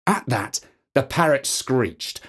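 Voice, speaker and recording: A man narrating a storybook in an expressive, playful reading. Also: medium pitch, slow, slightly rough.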